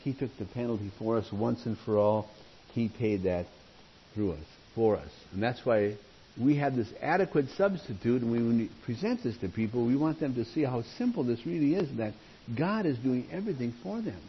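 A man's voice: medium pitch, lively intonation, normal speed, muffled recording, slight background noise. A man teaching from the Bible like a sermon, going through the verses and putting questions to his listeners.

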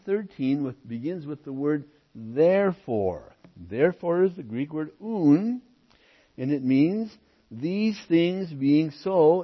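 Husky-voiced man preaching an expository sermon. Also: a little high, lo-fi sound. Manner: emphatic, often drops to quiet asides. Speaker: pastor. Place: church.

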